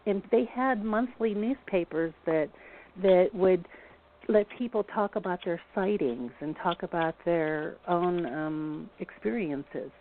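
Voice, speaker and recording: A woman's voice: fairly low pitch, slow. A woman local historian telling a story in a rambling, casual way, full of restarts. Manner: rambling, many restarts and fillers. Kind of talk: casual storytelling on a phone-in show. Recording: tinny phone line.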